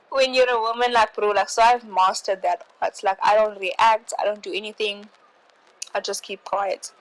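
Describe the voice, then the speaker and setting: A woman's voice: medium pitch, moderate pace, poor audio. A young woman telling a story in casual chat, full of "like" and "bro" and exasperated asides. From South Africa. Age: young adult. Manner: chatty, peppered with "like" and "bro"; exasperated, animated retelling. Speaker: host.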